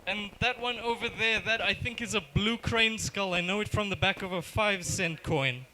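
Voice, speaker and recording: South African man, deadpan stand-up, high bright voice, faint hiss behind. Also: normal speed, poor audio. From Johannesburg, South Africa. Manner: dry, self-deprecating, deadpan jokes. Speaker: stand-up comedian. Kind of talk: stand-up set. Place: comedy bar stage.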